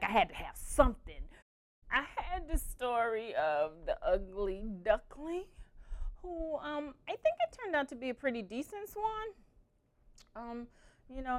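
A young adult woman telling family stories in a casual, profane, animated way, slipping into the voices of her relatives. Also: medium pitch. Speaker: storyteller. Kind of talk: casual storytelling.

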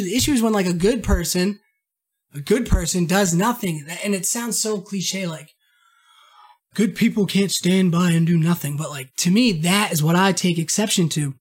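Animated rambling man from Maine. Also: sits high, moderate pace, slightly rough. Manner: rambling, animated, swears, acts out quotes in a raised voice. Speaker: podcast host. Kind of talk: casual monologue.

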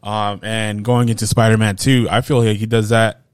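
With a lowish, clear, resonant voice and little pitch movement, a man speaks at normal speed, recorded at studio quality with no room sound. As co-host of a casual film podcast, he's relaxed, chuckles often, and lets sentences trail off.

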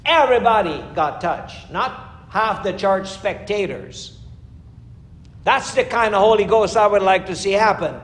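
A man preaching a fervent sermon as pastor, emphatic, with sudden rises and slowed, stressed lines. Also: high voice, a bit bright. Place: church. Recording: echoey church room.

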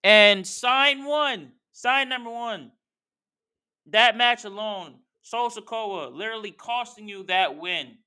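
A podcast host rants in casual, slangy commentary, calling out the people he talks about. His voice sits high and sounds bright and crisp. He stays heated the whole way through. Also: slow pace. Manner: slangy, heated, talks straight to wrestlers and fans. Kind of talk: casual wrestling commentary rant.

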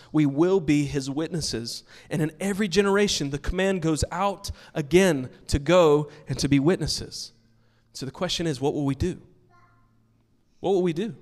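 A man's voice: on the high side, long reverb tail. A pastor preaching a sermon to his congregation, emphatic and earnest, telling stories between points. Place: church sanctuary with a congregation.

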